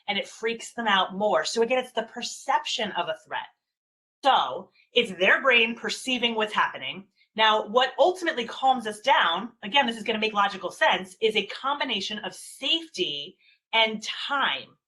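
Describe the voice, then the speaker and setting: A woman's voice: medium pitch, normal speed, low-quality recording. A woman parenting expert presenting a webinar over a video call, talking animatedly and acting out what parents and children say. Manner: animated, acts out quoted parents and kids.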